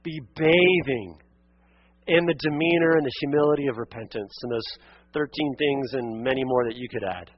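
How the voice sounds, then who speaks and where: A man preaching a sermon as pastor, earnest and exhorting, calling listeners friend and beloved, rising to emphatic peaks and dropping to quiet asides. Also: medium pitch, brisk, dry recording, highs cut off. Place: church sanctuary.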